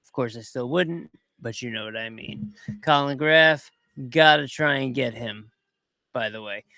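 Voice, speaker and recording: A man hosting a podcast, talking casually and in a rambling way as he comments over video clips, quick to get excited. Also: medium pitch, vocal fry, no room sound. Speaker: podcast host.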